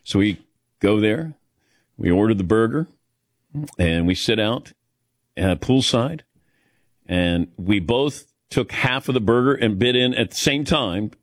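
A man's voice: on the low side, expressive, measured pace, pauses often, no echo, studio quality. A middle-aged man hosting a radio talk show, telling a self-mocking story in a chatty way and laughing often.

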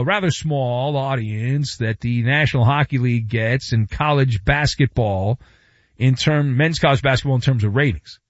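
A man hosts a sports talk show, riffing in a sarcastic, wisecracking monologue. His voice sits fairly high and swoops up and down with lively pitch. The sound is dry and a little dull, like a lo-fi broadcast feed. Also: dry recording. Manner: sarcastic, wisecracking, animated delivery. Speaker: sports radio host.

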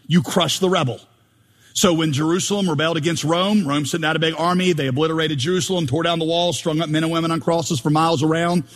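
A man's voice: a little high, fairly bright tone. A male pastor preaching an emphatic, humorous sermon, recorded with the long reverb of a large hall. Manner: emphatic, humorous, mimics prayers.

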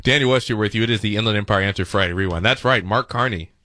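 A man's voice: lowish voice, fast, sharp tone, no echo, studio quality. A male radio host giving sarcastic, mocking running commentary over played clips. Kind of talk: comedic talk radio commentary.

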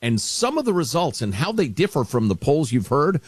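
A man's voice: a little high, big pitch swings, normal speed, breathy edge, no echo. A man hosting a talk radio show, bantering dryly about politics. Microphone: studio microphone.

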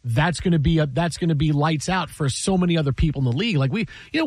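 A man's voice: a little high, racing, few pauses, husky, no room sound. A man co-hosting a sports talk show, rambling and repeating words as he builds his points. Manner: rambling, repeats words when starting thoughts.

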